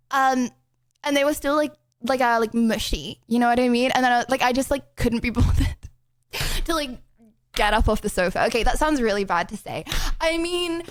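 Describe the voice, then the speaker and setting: High-pitched giggly English streamer woman. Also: no room sound. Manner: rambling, giggly, filler-heavy chatter. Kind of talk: casual chat with viewers.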